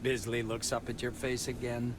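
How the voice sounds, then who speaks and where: A man reading scripted narration for a video game in an even, descriptive voice. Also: mid-range voice, moderate pace, natural voice.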